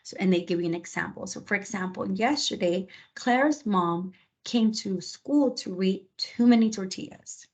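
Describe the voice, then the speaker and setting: Husky-voiced woman presenting to teachers. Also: medium pitch, moderate pace, rough recording. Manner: conversational, many fillers and "you know"; models classroom directions in a lively teacher voice. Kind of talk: conference presentation.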